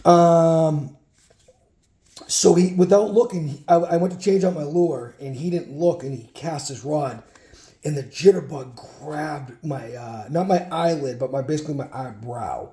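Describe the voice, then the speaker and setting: A man's voice: a little high, measured pace, dark tone, reverberant. A man casually telling a rambling childhood story while sorting through a card collection, breaking off for muttered asides.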